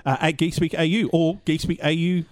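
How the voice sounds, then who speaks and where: A man's voice: on the high side, steady tone, a little fast, dry recording, studio quality. A man co-hosting a casual podcast, blunt and teasing, swearing freely. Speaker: podcast co-host.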